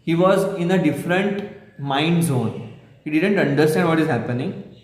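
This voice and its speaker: Brief: man, a teacher walking learners through a story, slightly high voice, echoey room. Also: normal speed. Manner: patient, stops to explain word meanings. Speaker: English teacher.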